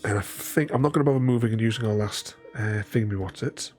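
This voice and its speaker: A man's voice: fairly low pitch, fast, a little mellow, faint music behind. A man casually chatting with his viewers while playing a solo board game, thinking aloud and laughing often.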